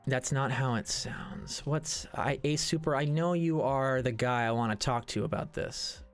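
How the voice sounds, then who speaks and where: A man's voice: mid-range voice, a little slow, clean tone, soft background music. A man streaming, chatting casually with his viewers and answering their comments, rambling and restarting his sentences. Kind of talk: casual livestream chat.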